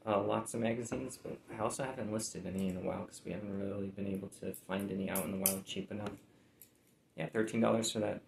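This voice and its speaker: A man's voice: lowish voice, fairly even intonation, fast, vocal fry, reverberant, background noise. A man chatting casually about items he has sold, laid-back and rambling with lots of fillers. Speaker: reseller showing sold items. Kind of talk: casual chat.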